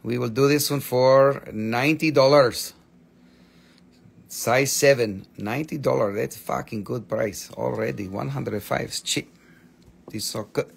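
A man's voice: medium pitch, measured pace, vocal fry, slightly rough. A man selling stones on a live shop stream, in joking patter with playful broken English. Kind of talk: live sales pitch.

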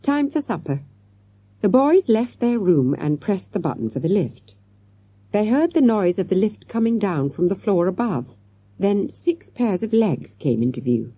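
Husky, dark-voiced woman reading a storybook. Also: mid-range voice, sing-song, normal speed, no room sound. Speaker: audiobook narrator. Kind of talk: storybook narration.

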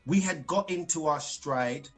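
Chatty high-voiced man telling stories. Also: a little slow, fairly bright tone, soft background music, rough recording. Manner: chatty storyteller, laughs often, repeats phrases. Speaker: singer, interview guest. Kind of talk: casual interview over a live stream. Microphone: video call.

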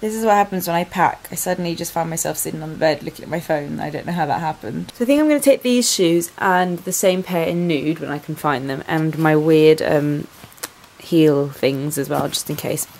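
A woman's voice: deep voice, brisk, gravelly, a little mellow, low-quality recording. A woman in her twenties with an English accent, chatting casually in a vlog at home, rambling with plenty of ums and likes as she shows her clothes. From England. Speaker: vlogger. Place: bedroom at home.

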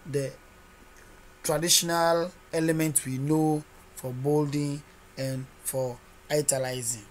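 Coding tutor, measured slow delivery, narrates each edit aloud, quizzes listeners with rhetorical questions. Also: mid-range voice, slight background noise. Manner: narrates each editing step as they go. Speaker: coding instructor. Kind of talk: screen-recorded coding tutorial.

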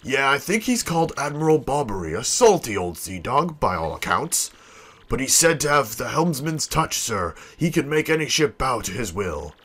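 A man voicing an eager pirate deckhand who talks in rough, slangy sailor speech. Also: mid-range voice, big pitch swings, normal speed, a bit bright.

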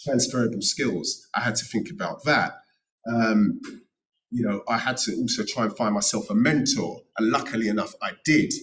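A middle-aged man, a notary who was once a solicitor, speaks at normal speed on a careers panel in a lowish, fairly bright voice. He hammers home his earnest advice through repetition, and sitting a little off the mic makes him sound distant in the room.

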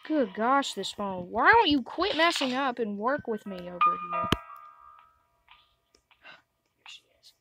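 A woman's voice: on the high side, sing-song, moderate pace, hardly any pauses, over music, rough recording. A woman giving let's play commentary on a horror game, jumpy, gasping and talking back to the game. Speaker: gamer.

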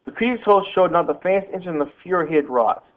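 A man teacher reading a novel aloud to a class in a steady, plain voice, with a tinny phone-like sound. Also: sits high, rapid-fire.

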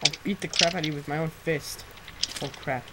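A teenage boy chatting casually while gaming with a friend, excitable and quick to shout, his throat sore from screaming. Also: a little high, noisy background. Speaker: gameplay commentator. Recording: loud keyboard typing and clicks.

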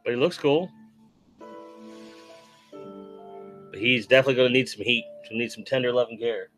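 A man hosting a relaxed, chatty stream while unboxing toys and answering chat messages. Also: medium pitch, moderate pace. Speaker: host. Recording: faint background music.

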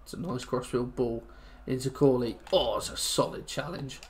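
A young man from England giving rambling, emotional commentary over a football video game, muttering low one moment and shouting the next. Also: normal speed. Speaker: gaming YouTuber. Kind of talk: casual gameplay commentary.

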